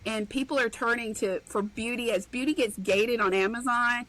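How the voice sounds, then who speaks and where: A woman's voice: a little high, moderate pace, fairly bright tone, poor audio. A woman, a podcast guest and online seller, chatting casually and animatedly acting out her own reactions as she tells stories. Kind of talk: casual chat.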